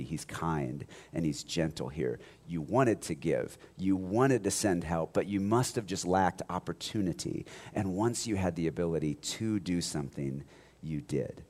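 Animated, joking male preacher. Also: sits low. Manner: animated, conversational preaching with asides and humor. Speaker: pastor. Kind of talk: sermon.

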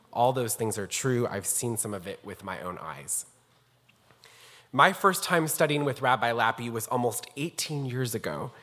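Man, rabbi, formal introduction, earnest storytelling, middle pitch, long reverb of a synagogue hall. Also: fairly bright tone. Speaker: rabbi introducing a guest scholar. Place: synagogue sanctuary.

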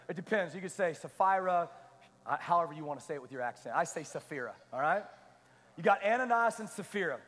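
High-voiced pastor preaching in a reverberant hall. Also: male voice. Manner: energetic, repetitive preaching with call-and-response questions. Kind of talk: sermon.

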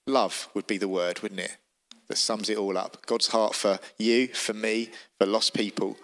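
A man's voice: fairly low pitch, level tone, a little slow, a bit bright. A man preaching a sermon, telling the story vividly and with emphasis.

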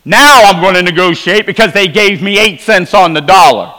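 Preacher, male, high and bright voice, storytelling testimony, long hall reverb. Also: lively intonation, moderate pace. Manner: storytelling, shifts between quiet low asides and emphatic rises. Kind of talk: revival sermon testimony. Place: church sanctuary.

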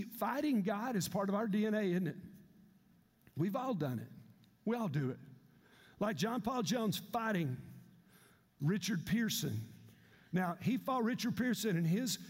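A male pastor, preaching an animated, humorous sermon. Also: high-pitched, long reverb tail. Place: church sanctuary.

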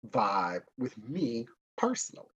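A man's voice: medium pitch, very animated, measured pace, a bit bright, breathy edge, dull audio. A man co-hosting a casual pop culture chat, chatty and opinionated, laughing often. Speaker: podcast co-host.

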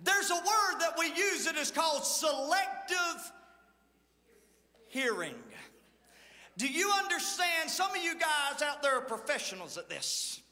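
A man, the lead pastor, preaching a sermon and telling stories, swinging between loud calls and hushed asides. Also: very high-pitched, sing-song, unhurried, big-room sound. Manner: playful storytelling, acting out the people in his stories.

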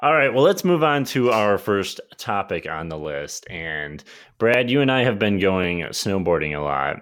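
Low-voiced guy cohosting a podcast, bouncy lively delivery, chill jokey vibe. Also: measured pace. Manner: laid-back, joking, hesitant restarts. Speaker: podcast co-host. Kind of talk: casual chat.

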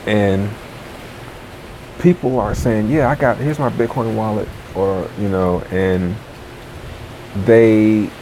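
Man, deep voice, rambling frustrated vlogger, faint background noise. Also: fairly even intonation, slow, long pauses, dark tone. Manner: rambling, frustrated, many restarts. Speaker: crypto video creator. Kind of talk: casual vlog rant.

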